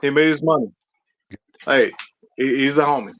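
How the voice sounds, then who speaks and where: Loud, excited, rambling male caller. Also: mid-range voice, moderate pace, rough recording. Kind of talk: casual call-in chat.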